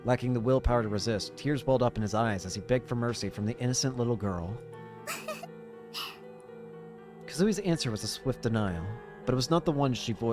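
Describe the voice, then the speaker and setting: Young male gamer, mid-pitch, narrates a visual novel aloud with casual reactions; faint music under. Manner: casual, reacting with quick exclamations. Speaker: game streamer.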